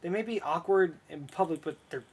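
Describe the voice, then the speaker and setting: A man's voice: a little high, a little fast, a little mellow, slightly rough. A young man co-hosting a podcast, teasing his friend with crude, profane banter. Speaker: podcast co-host. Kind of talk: casual banter.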